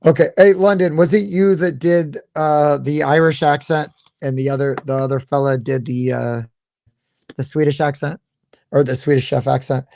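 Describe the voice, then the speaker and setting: Male host, gravelly and slightly high-pitched, easygoing chat, dry close sound. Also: normal speed, dry recording. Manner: relaxed, chatty, hesitant with fillers. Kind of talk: casual live-show chat.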